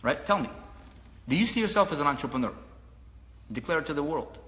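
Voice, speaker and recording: A man giving a motivational marketing talk to an audience, animated, asking the listeners questions and repeating his points while pacing around. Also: fairly high pitch, a little fast, big-room sound. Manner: paces around while talking. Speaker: online marketing mentor.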